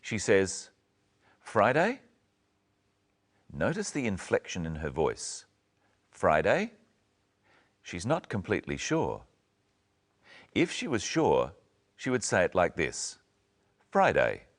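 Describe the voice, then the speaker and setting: Man, very low voice, wide-ranging intonation, scripted lesson narration, slow clear teaching. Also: huge pitch swings. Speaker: presenter.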